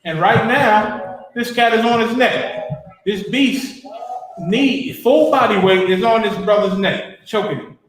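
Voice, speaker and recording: A man's voice: high-pitched, takes it slowly, a bit bright. A man hosting a show, giving fervent, preacher-like commentary over video footage with blunt street slang. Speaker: podcast host. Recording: very echoey room.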